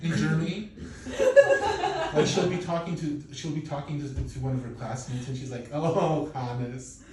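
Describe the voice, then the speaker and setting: A man in his thirties, originally from Poland, doing a stand-up set with animated, profane, self-mocking storytelling. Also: a little high, brisk. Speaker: stand-up comedian. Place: comedy club. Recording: echoey club, distant mic, faint noise.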